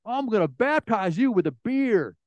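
A rowdy, beer-soaked race fan jeers loudly in a high, mocking voice, as a preacher puts him on. The sound is close and dry. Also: male voice, very animated, normal speed, no room sound, muffled recording. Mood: jeering. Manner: loud, jeering, high-pitched.

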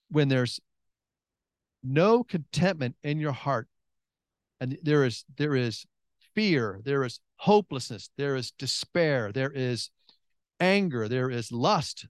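A middle-aged man preaching a sermon, emphatic and repetitive, swinging between excited bursts and hushed intensity. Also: mid-range voice, slow, pauses often, clear, resonant tone, no room sound. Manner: repeats phrases and restarts.

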